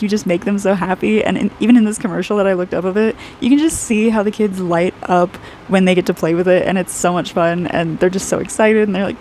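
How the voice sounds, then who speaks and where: A woman in her twenties talks through an intuitive aura reading as she draws, rambling and chatty with a steady stream of "like" and easy laughter. Her voice sits at an ordinary pitch with noticeable vocal fry, and a faint background hiss runs under the recording. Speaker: aura reader and artist. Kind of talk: casual intuitive reading while drawing.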